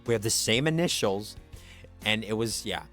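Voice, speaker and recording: A man hosting a livestream, telling a story in casual chat, animated and acting out the people he quotes. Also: on the low side, moderate pace, soft background music. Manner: animated, acts out quoted voices. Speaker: livestream host.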